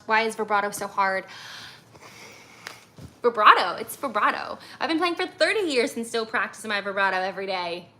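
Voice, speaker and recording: A chatty woman from America, a violinist, answers live questions from viewers with plenty of ums and likes. Her voice is bright and forward, and she sits in the middle of a woman's range. She sounds eager and easygoing. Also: medium pitch, slight background noise. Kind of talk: casual livestream Q&A.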